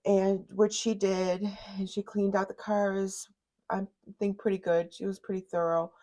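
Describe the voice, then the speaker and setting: A middle-aged woman telling a family story, halting and full of fillers and restarts, close to tears. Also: medium pitch, flat delivery, mellow. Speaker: mother telling her daughter's story. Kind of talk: emotional personal storytelling.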